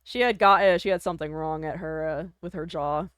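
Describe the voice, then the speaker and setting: A woman's voice: low-pitched, steady tone, brisk, fairly bright tone, clean tone, dry recording, studio quality. A woman streaming live, chatting casually with her viewers, self-deprecating, laughing often and swearing freely.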